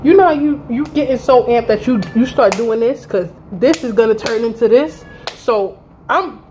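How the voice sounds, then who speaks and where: A thirty-year-old woman tells a casual storytime vlog, blunt and full of profanity. Her voice is mellow and dark-toned, with a soft hum of room ambience faintly behind her. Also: fairly high pitch, moderate pace, low-quality recording. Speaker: vlogger. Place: indoor room by a window.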